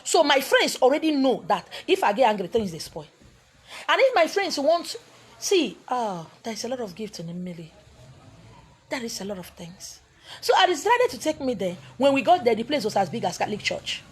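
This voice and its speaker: A woman with a Nigerian accent telling a story in an animated way, slipping into Igbo and pidgin. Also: on the high side, normal speed, slight background noise. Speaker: spiritual teacher. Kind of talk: storytelling talk.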